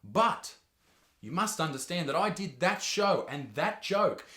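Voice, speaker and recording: A man with an Australian accent, a comedian hosting his own channel, delivering a profane, animated rant. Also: a little high, unhurried, reverberant. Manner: loud, profane, animated ranting. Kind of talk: ranting reaction vlog.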